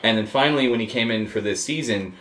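A man hosting a casual group chat, telling animated stories. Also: mid-range voice, fast talker, slight background noise. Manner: chatty, animated storytelling.

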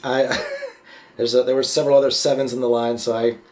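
A man on a podcast, casually telling convention anecdotes in a relaxed, rambling way. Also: mid-range voice, fairly quick. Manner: anecdotal, relaxed storytelling with fillers. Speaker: podcast co-host. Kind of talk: casual convention recap chat.

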